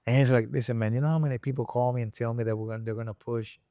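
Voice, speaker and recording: A man tells a story as a guest in a casual interview. His voice sits in a middle register and the sound is dry and close, with no room around it. He acts out the people he quotes by jumping up in pitch. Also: steady tone, racing, dark tone, no room sound. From Puerto Rico. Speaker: guest, engine builder and shop owner.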